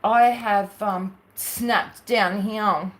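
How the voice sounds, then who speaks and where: A woman's voice: medium pitch, fairly even intonation, very slow. A woman with an Australian accent who hosts a crafting livestream and chats casually to viewers, rambling through asides with many fillers.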